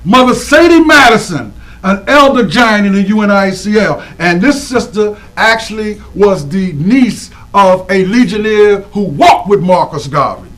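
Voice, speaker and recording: A man honoring community women in lively, preacherly shout-outs to an audience, drawing out names and calling for responses. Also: high-pitched, rough recording. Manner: preacherly call-and-response, animated, drawn-out names.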